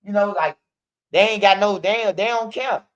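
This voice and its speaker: A man with a high voice hosts a street news channel. He talks in blunt, profane street storytelling. The recording sounds dull and lo-fi. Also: moderate pace. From Chicago. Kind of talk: casual commentary.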